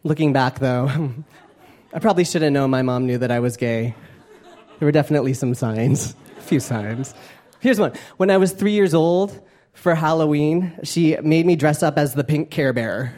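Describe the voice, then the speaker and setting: A young man doing a stand-up comedy set, animated and campy, with playful asides to the crowd. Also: on the high side, normal speed. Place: live comedy club stage. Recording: live club recording with crowd. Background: audience laughter.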